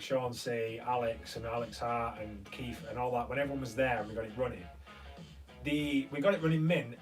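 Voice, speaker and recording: Chatty man hosting a live stream. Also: medium pitch. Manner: chatty, reads out viewer comments and answers them. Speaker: host. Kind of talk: casual live-stream chat. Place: converted recording studio room. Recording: slightly distant mic with faint guitar music.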